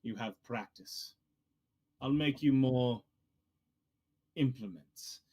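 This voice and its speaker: A man's voice: medium pitch, moderate pace, lightly acted. A man voicing a stern male necromancer mentor who gives short, cold commands in a tabletop game. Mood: cold, commanding.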